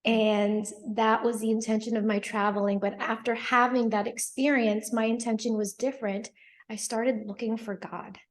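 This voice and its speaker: A woman's voice: fairly high pitch, fairly even intonation, normal speed. Earnest woman recounting a spiritual journey. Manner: earnest, thoughtful, with frequent ums and quoted inner thoughts. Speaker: guest, attorney and hypnotherapist. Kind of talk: reflective personal storytelling.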